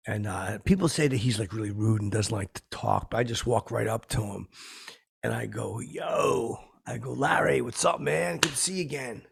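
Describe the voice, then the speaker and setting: A rough, gravelly, very raspy voice carries this washed-up middle-aged comic, as a man puts him on in a podcast monologue. He rambles in loose, tactless asides. His boasting keeps tipping over into sentiment. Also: medium pitch, exaggerated voice. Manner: rambling, rough-spoken, tactless, lurching between bravado and sentiment. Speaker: podcast host.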